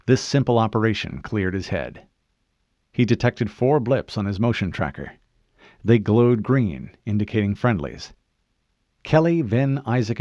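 Low-voiced, lively male audiobook narrator. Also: no echo, highs cut off.

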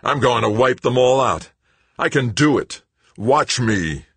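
A man voicing a manic, vengeful male saboteur who shouts, roars and gloats. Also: low voice, big pitch swings, fairly quick, slightly rough, no echo, full character voice.

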